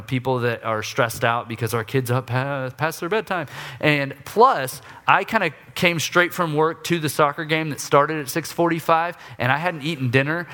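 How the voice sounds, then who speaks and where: Animated storytelling male preacher. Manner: animated storytelling, acts out his own griping in raised voice; drops low and soft for confession. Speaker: pastor. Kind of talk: sermon with personal story.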